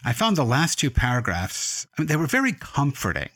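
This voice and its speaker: A man interviewing an author in a calm, thoughtful manner, at times reading quotes aloud. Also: mid-range voice, brisk, no echo. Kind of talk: radio interview.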